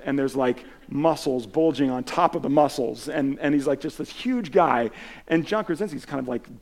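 A man pastor giving a conversational sermon, telling stories with many restarts and filler words. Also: medium pitch.

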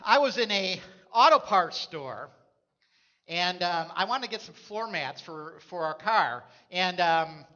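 A man's voice: high-pitched, animated, measured pace, pushed and bright. Guy preaching a sermon, chatty storytelling, kinda muffled lo-fi audio. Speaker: pastor.

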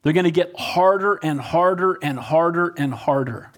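Man, pastor preaching, slightly high-pitched, asks the congregation questions, repeats words. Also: normal speed. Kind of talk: sermon.

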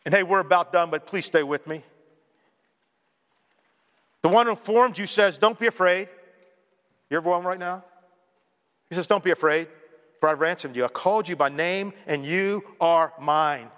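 A pastor preaching a sermon with energy, repeating lines and joking along the way. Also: male voice, sits high, moderate pace, long pauses, a bit bright. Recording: long hall reverb.

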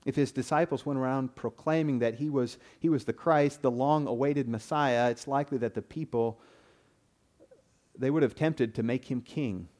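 Earnest male preacher, warm low-key tone. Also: moderate pace. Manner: earnest, repeats words when starting phrases. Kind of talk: sermon.

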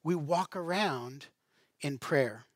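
Pastor preaching with dry, close sound. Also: male voice, a little high, takes it slowly, no room sound. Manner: conversational preaching with asides and light humor. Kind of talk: sermon.

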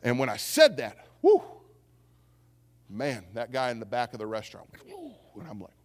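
A man preaching a sermon as pastor, telling a story with animated delivery and acting out what people said. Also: medium pitch, moderate pace. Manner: storytelling, animated, acts out quotes. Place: church sanctuary. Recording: church hall with long reverb.

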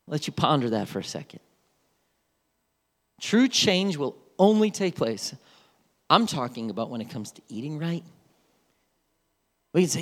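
A man preaching a sermon as pastor, animated and playful, with storytelling asides. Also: sits high, measured pace, long pauses. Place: church sanctuary.

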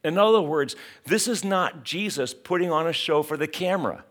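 A man's voice: a little high, animated, normal speed, hardly any pauses, a bit bright. A middle-aged man preaching a sermon, emphatic and dramatic, full of rhetorical questions. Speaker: pastor.

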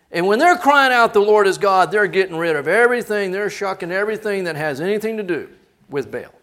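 A man delivers a sermon in a fairly high voice. He tells the story with lively, joking energy, acting out the scenes, and swings from loud outbursts down to quiet, reflective asides. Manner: animated storytelling, acts out voices, jokes. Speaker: pastor.

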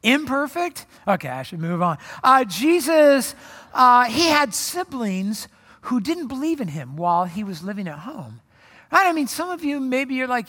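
A man's voice: very high-pitched, sing-song, normal speed, pushed and bright, big-room sound. A man preaching a sermon in a conversational way, often acting out quoted voices. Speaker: pastor.

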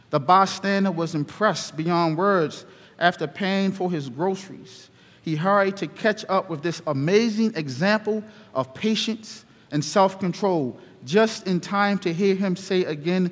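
Male pastor, sermon, unhurried storyteller; high voice, long church echo. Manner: slow, deliberate storytelling. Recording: reverberant hall.

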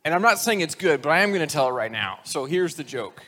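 A man in his forties preaching a casual, conversational sermon. His voice sits a little high for a man. He jokes at his own expense, and the long reverb of a church hall carries around him. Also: sing-song, quick pace, fairly bright tone. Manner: self-deprecating, conversational, tells jokes with voiced characters. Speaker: pastor.

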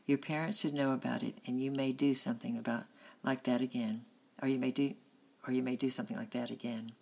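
A woman's voice: a bass voice, steady tone, brisk, gravelly, darkish tone, breathy edge, exaggerated voice. A woman reading aloud as a kindly farmer who earnestly reproaches a boy. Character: big, kindly farmer, firm but gentle man.

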